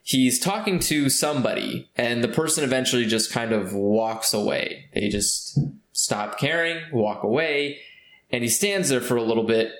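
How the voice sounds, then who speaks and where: Podcast host, rambling storyteller, mid-pitched voice, roomy echo. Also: male voice, animated, normal speed. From California. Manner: rambling, with many fillers and restarts. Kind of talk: casual storytelling.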